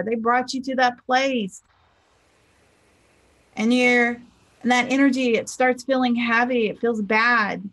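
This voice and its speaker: A woman giving a casual motivational talk as a life coach, chatty and acting out the people she quotes. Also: a little high. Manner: chatty, acts out quoted people in lively voices. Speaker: spiritual teacher and life coach.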